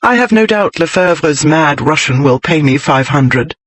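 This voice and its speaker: A man's voice: on the high side, expressive, a little slow, a bit bright, no room sound. A man voicing a cool, arch young lady. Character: sharp-witted young English lady, cool and unruffled.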